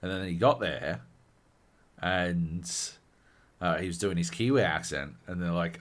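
A man co-hosting a podcast, chatting casually, animated and swearing often with bursts of laughter. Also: sits low, moderate pace. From Australia. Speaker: podcast co-host. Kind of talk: casual chat.

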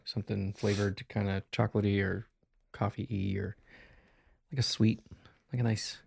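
Brief: low, gravelly, dry-sounding man, tabletop player, jokey. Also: little pitch movement, moderate pace, darkish tone, dry recording. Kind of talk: tabletop role-play, in and out of character.

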